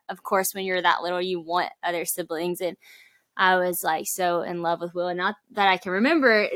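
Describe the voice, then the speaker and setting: A woman's voice: lowish voice, fairly bright tone, no echo. A young woman in her twenties, a podcast guest, talking in a chatty, earnest way with many fillers and quoted asides. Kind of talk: casual podcast conversation.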